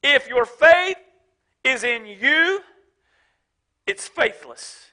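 A man preaching a sermon as pastor, swinging from shouted emphasis to low, joking asides. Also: lively intonation, extremely slow. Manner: casual, joking, speaks of his wife.

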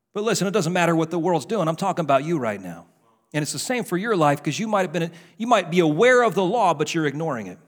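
A man preaching a sermon, his voice sitting high for a man. He swings between fervent, loud declarations and quieter, conversational stretches as he speaks to his congregation in a church service. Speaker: pastor.

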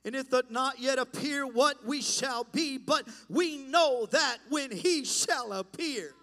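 Male preacher, high bright voice, slow and fervent, long hall echo. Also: faint music behind. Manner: impassioned, rising to shouts. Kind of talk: pentecostal-style sermon. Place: church sanctuary.

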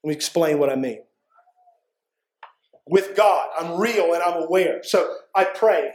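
Guy preaching a sermon, earnest and chatty, kinda high voice, echoey room. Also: measured pace, pauses often, a little mellow. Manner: earnest, conversational preaching with frequent "right?" asides. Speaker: pastor.

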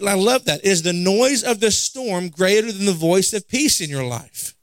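A man's voice: high-pitched, a bit bright, dry recording. A man preaching a sermon as pastor, asking the church rhetorical questions, repeating key phrases, and acting out Bible dialogue in character.

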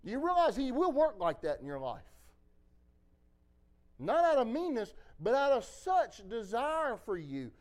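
A pastor preaching a sermon in a fairly high, very lively voice. His delivery moves from fervent exhortation to hushed, personal confession. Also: a little slow. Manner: impassioned preaching that drops to quiet, confessional storytelling.

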